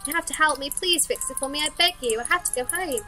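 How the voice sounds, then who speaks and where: A woman's voice: sits high, fast, pushed and bright, faint music behind, pitched above the performer's own voice. Woman voicing young Fran, sweet and curious. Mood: pleading. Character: young girl, polite and curious.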